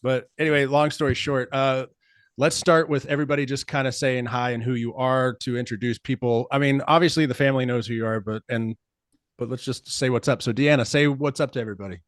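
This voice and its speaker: A man's voice: medium pitch, fairly even intonation, a little fast, no echo, clean studio sound. A man, hosting a casual podcast chat among family and friends, rambling and laughing as he talks. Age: 40s. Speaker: podcast host.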